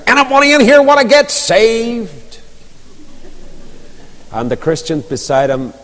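A man preaching a sermon, telling stories with lively emphasis. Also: on the high side. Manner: storytelling, animated, rising and falling emphasis. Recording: long reverb of a large hall.

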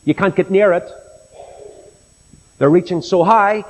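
A man's voice: high-pitched, a little slow. A man preaching a sermon in a church hall, telling stories in a folksy, humorous way. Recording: long hall reverb.

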